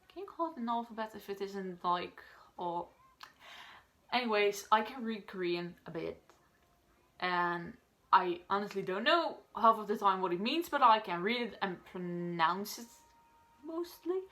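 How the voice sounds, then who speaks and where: A chatty eighteen-year-old woman whose first language is Dutch, introducing herself to camera. She rambles and circles back, with lots of filler words and restarts, and her pitch sits in an ordinary middle range. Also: a bit bright. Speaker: vlogger. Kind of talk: casual talk to camera.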